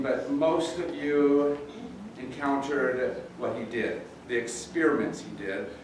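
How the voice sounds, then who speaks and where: A pastor preaching a sermon in a conversational, halting way, often repeating words. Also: male voice, medium pitch, slight background noise. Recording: roomy echo, distant mic, faint ambience.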